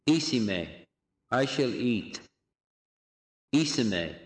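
Slow, deliberate male language teacher. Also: medium pitch, big pitch swings, roomy sound. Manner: slow, deliberate drilling of phrases with repetition. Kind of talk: recorded language lesson.

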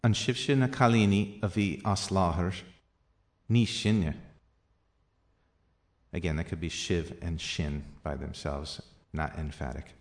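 A man teaching a language lesson, reading out practice sentences and their translations slowly and deliberately, with softer asides. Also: fairly even intonation. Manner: slow and deliberate, with soft low asides.

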